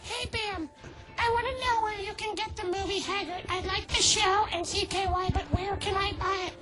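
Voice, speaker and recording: A man's voice: extremely high pitch, fairly even intonation, moderate pace, over loud music, pitched above the performer's own voice. A man putting on the voice of an indignant, nagging middle-aged mother who scolds and complains. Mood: reading.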